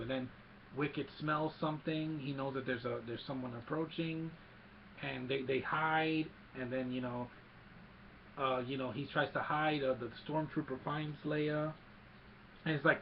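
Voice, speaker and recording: Man, gravelly voice, animated movie recap, sound effects, dull lo-fi recording, faint hiss. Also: mid-range voice. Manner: animated retelling with sound effects and quick character quotes. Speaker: movie reviewer. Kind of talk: excited casual movie recap.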